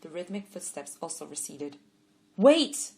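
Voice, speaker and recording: A woman reads a story aloud in a calm, measured way. Her voice sits on the low side for a woman, steady and unhurried. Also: a little hiss or hum. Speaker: audiobook narrator. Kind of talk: scripted narration.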